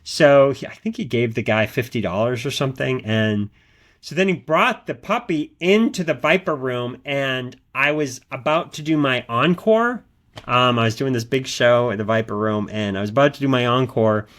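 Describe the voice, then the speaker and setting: A man's voice: mid-range voice, moderate pace, fairly bright tone. A man hosting a podcast, telling personal stories in a rambling, earnest way with many restarts and repeated words. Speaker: podcast host. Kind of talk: casual podcast monologue.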